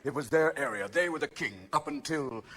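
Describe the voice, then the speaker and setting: A man performing a stand-up comedy set, manic and shouting, jumping between voices and impressions. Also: a little high, brisk. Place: large theater with live audience. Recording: live theater recording with crowd laughter. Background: audience laughter and applause.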